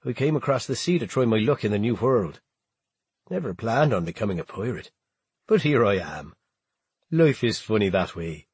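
A quiet, grief-worn Irish pirate, as a man reads him, his voice husky and lilting through wide swings of pitch. He speaks low and gentle, in a dry, close sound. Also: animated, normal speed, no echo. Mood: wistful. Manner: soft-spoken, subdued. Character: grieving Irish pirate man from County Clare.

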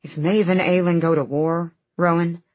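A woman's voice: lowish voice, steady tone, moderate pace, a little mellow, dry recording, close to an everyday voice. A woman doing an insistent warrior man. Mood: urgent.

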